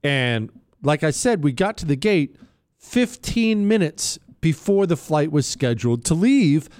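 Man, radio storyteller, sarcastic, animated, slightly high voice. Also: unhurried. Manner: animated, sarcastic, swings between loud and quiet. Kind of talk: storytelling monologue.

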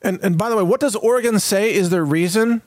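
Sarcastic high-voiced male commentator. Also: brisk, darkish tone, no echo, clean studio sound. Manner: sarcastic, rambling, with fillers. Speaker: channel host. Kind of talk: opinionated news commentary.

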